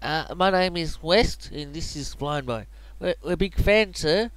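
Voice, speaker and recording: A man voicing an eager, brash young male game hero who sounds excited and defiant. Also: fairly high pitch, unhurried, dry recording, pitched above the performer's own voice.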